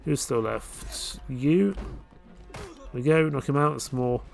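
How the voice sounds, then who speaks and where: Relaxed man commentating his gameplay. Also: medium pitch, slow, creaky. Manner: relaxed, thinking aloud while playing. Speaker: let's play host. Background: faint game music.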